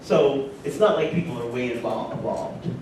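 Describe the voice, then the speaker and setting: A man from rural North Carolina, giving a personal storytelling speech at a conference and making animated asides to the audience. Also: normal speed. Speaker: conference speaker. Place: conference hall. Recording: echoey hall from far off, faint rumble.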